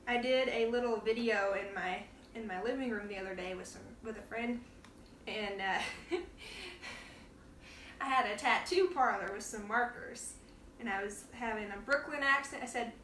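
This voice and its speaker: A woman's voice: a little high, normal speed, fairly bright tone, recorded from a distance, a little hiss or hum. Chatty woman in a roomy kitchen. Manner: chatty and playful, laughs often. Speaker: cooking show host. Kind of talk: casual live cooking demonstration. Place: home kitchen. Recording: roomy kitchen sound, from off the mic.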